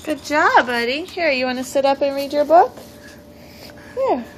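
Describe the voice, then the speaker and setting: A woman's voice: high voice, lively intonation, moderate pace, noisy background. A woman talking baby talk to her little son at home, coaxing and sing-song with gasps of delight, recorded on a home video camera. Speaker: mother filming her baby. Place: indoors at home, child's room.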